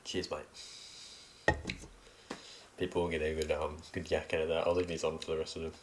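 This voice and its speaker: Deep-voiced young Australian man rambling. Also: completely flat delivery, racing, noisy background. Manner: rambling, laid-back, many ums. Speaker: podcast host. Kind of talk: casual solo podcast chat.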